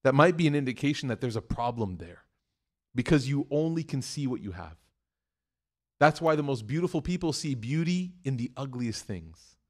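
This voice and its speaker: A man giving a conversational sermon, telling a story and acting out the quoted voices with lively shifts, often checking in with "right?" and "okay?". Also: mid-range voice, normal speed. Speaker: Islamic preacher.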